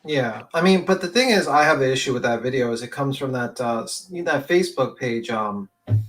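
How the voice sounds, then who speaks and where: A man's voice: mid-range voice, expressive, fairly quick, a bit bright. A man on a casual true-crime panel, thinking aloud and hedging.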